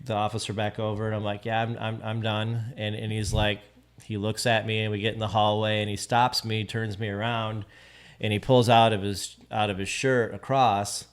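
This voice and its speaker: A man's voice: on the low side, flat delivery, normal speed, clean tone. A man with a Michigan accent, a podcast guest telling a personal story in casual conversation, earnest and prone to repeating his words.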